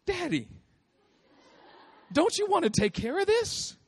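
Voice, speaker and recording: A man putting on a high pleading little girl. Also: very animated, a little slow, a little hiss or hum, exaggerated voice. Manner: high wheedling sing-song. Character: pleading little girl, clingy daddy's child.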